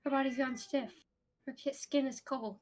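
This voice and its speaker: A woman's voice: high voice, fairly even intonation, moderate pace, very noisy, lightly acted. Woman reading as a stunned young man. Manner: reads game text aloud, earnest and stunned. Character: shaken young man trying to stay calm.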